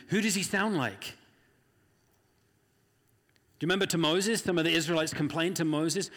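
A man's voice: on the high side, moderate pace, long pauses, fairly bright tone. A man preaching a sermon in an earnest, conversational way, often acting out the voices of the people he quotes. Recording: long hall reverb.

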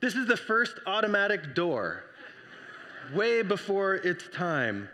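Animated high-voiced pastor in a reverberant hall. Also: male voice, slow pace. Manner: animated storytelling, acts out voices. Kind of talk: sermon.

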